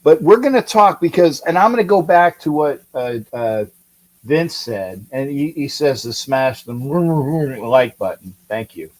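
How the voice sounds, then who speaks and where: On a loose, casual live sports talk stream, a California man rambles along, reading comments from viewers and greeting them by name. He sounds expressive, with a medium pitch and measured pace, though the audio is poor.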